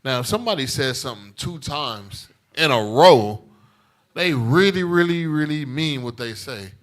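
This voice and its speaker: A man's voice: fairly high pitch, expressive, moderate pace. Emphatic man preaching a Bible class. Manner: emphatic, repetitive, calls for responses, tag questions. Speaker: teacher leading a scripture class.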